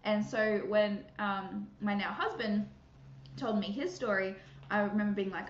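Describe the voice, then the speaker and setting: A woman's voice: mid-range voice, a little slow, a little hiss or hum. A woman hosting a casual Christian podcast, bubbly and chatty, laughing often and filling gaps with fillers and restarts. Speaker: podcast host. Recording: echoey room, muffled sound.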